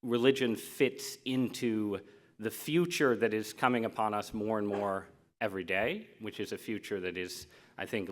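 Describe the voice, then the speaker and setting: A man's voice: on the low side, fairly bright tone. An American man giving a public lecture as guest speaker, joking at his own expense and often restarting his sentences. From United States. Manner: self-deprecating, joking, with restarts. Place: lecture hall.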